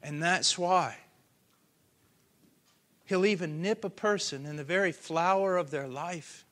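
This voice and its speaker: A man preaching a sermon with passion, swinging from hushed earnest tones to loud cries. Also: high-pitched, measured pace.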